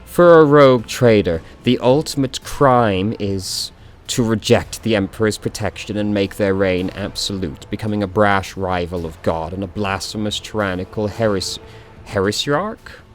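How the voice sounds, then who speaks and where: Man doing a stern woman accuser, formal and measured, low voice, game dialogue. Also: soft background music, natural voice. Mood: accusing.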